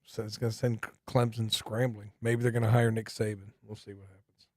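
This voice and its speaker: A man's voice: fairly low pitch, little pitch movement, fairly quick, darkish tone, no echo, clean studio sound. A man on a sports talk panel, teasing and sarcastic with his co-hosts. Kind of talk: casual sports radio banter.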